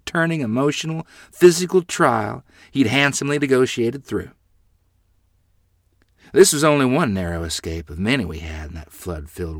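A man's voice: mid-range voice, fairly bright tone, dry recording, studio quality. A man narrating a family memoir with dramatic, vivid emphasis. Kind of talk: storytelling memoir reading.

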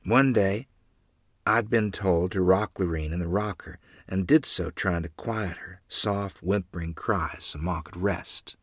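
Husky-voiced man narrating a memoir. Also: deep voice, dry recording, studio quality. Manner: earnest, measured storytelling. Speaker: storyteller. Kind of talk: first-person memoir narration.

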